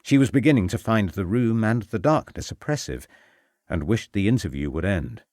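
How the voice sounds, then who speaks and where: A man narrating a mystery audiobook in a measured, expressive way. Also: on the low side, no room sound, studio quality.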